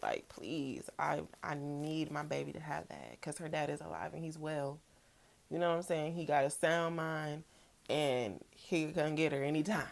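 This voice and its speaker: A woman's voice: low-pitched, expressive, normal speed, vocal fry. A young woman speaks straight to camera in a personal vlog. Her talk is candid and emotional. She swears freely and circles back over the same phrases. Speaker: vlogger.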